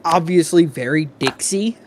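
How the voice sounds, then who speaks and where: Young man, New England accent, fairly high voice, animated storyteller, casual chat, faint background hiss. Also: moderate pace. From New England, USA. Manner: animated storytelling, acts out quotes, swears.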